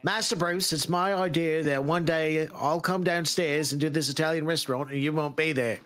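Guy doing a stiff formal butler, old and proper, kinda high voice. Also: steady tone, normal speed, fairly bright tone, natural voice. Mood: deadpan. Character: loyal, formal older male butler.

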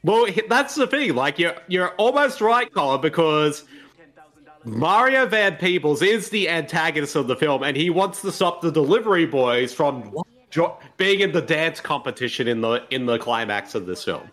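Animated young man sharing film trivia. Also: fairly high pitch, normal speed. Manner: explains film trivia eagerly. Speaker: podcast co-host. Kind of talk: casual movie-riffing chat.

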